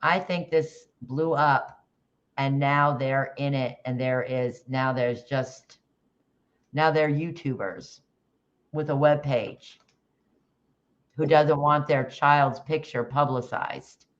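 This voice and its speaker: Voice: medium pitch, fairly even intonation, slow pace, lo-fi sound. A livestream host chatting casually about a case, rambling with restarts and greeting viewers in the chat by name.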